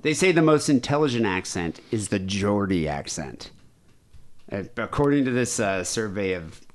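A man's voice: on the low side, expressive, moderate pace. A man hosting a podcast in casual chat, rambling and self-deprecating, with a somewhat nasal voice. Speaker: podcast host.

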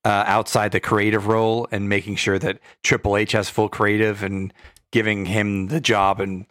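A man's voice: lowish voice, flat delivery, moderate pace, fairly bright tone, no room sound, studio quality. A man co-hosting a wrestling podcast, chatting bluntly and jokingly. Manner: blunt, swears, jokey. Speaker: podcast co-host. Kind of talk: casual chat.

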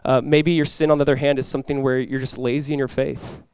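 A young adult man preaches as a pastor, energetic and conversational, and he often starts his phrases over. His voice is medium-pitched, fast and smooth, captured in a dry recording.

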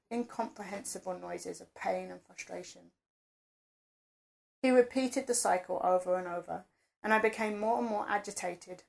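A woman's voice: mid-range voice, creaky. A woman narrating an erotic first-person story in an intimate, confessional reading voice.

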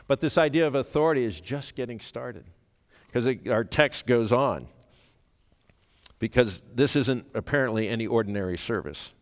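A man preaching a sermon, speaking earnestly and rising to sudden loud emphasis when he quotes. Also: mid-range voice, expressive, moderate pace. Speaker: pastor. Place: church sanctuary. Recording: reverberant church hall.

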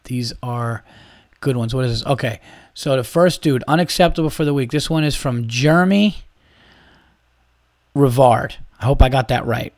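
A man hosting a podcast, telling stories in a casual, animated way, acting out quotes and swearing freely. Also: mid-range voice, moderate pace, pauses often, no echo, studio quality. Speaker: podcast host. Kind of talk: casual chat.

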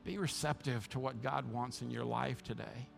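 A man's voice: medium pitch, fairly even intonation, normal speed, gravelly, soft background music. A man preaching a sermon as pastor, impassioned and emphatic, often repeating words as he restarts.

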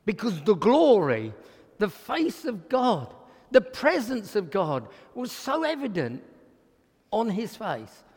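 A man's voice: sits high, slow. A man preaching a sermon in a church hall, telling Bible stories with animation and acting out the voices of the people in them. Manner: animated storytelling, acts out quoted speech. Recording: long hall reverb.

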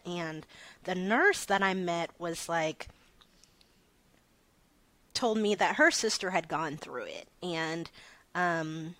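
Soft-spoken hesitant woman in her thirties. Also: lowish voice. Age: 30s. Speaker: interview guest. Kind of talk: personal story in conversation.

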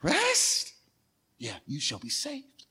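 A man preaches a sermon with a high, bright, forceful voice. He leads call-and-response, has the congregation repeat words after him, and hammers phrases again and again. His voice rings with a long reverb from a large church hall. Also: animated, moderate pace. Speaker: pastor.

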